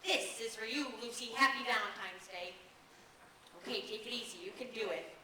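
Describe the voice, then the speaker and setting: A woman's voice: fairly high pitch, moderate pace, noisy background, close to an everyday voice. A woman on stage playing a glum, nervous young boy who talks in an anxious, self-pitying way. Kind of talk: stage musical acting. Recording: echoey stage from far off, with music.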